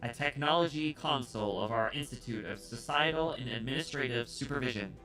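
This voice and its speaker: A man voicing a charismatic female alien consul who speaks through a drone, in a measured, formal diplomatic manner. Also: medium pitch, music in the background, lightly acted, low-quality recording. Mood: formal, courteous.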